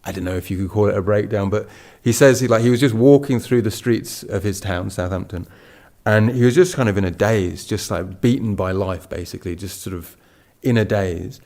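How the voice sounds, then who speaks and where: A man giving a relaxed Buddhist talk, telling a story with many restarts. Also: fairly low pitch, brisk. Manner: storytelling with restarts and acted quotes. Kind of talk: casual spoken dharma talk.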